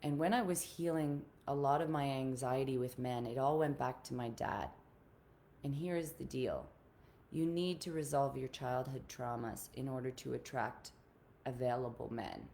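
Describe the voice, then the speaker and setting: A woman's voice: extremely low pitch, normal speed, gravelly, darkish tone, a little hiss or hum. A woman relationship coach telling a personal story to listeners on a live call, in an earnest, confiding way that speaks straight to them. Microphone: video call.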